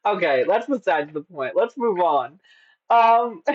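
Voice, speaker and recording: A man's voice: high voice, very animated, takes it slowly, no echo. A man streaming casually and teasing a chatbot, playful and giggly. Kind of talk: casual live-stream chat. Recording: slightly dull lo-fi sound.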